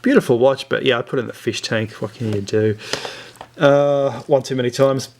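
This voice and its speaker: A man's voice: medium pitch, steady tone, fairly quick, vocal fry, slight background noise. A man hosting a casual watch review vlog, rambling along with many fillers and restarts. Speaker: watch reviewer, channel host.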